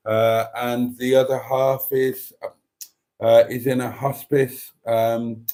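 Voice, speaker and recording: A man's voice: mid-range voice, mellow. A middle-aged man hosting a casual livestream, reading viewer comments aloud in a raised voice and answering with mock denials and chatty asides.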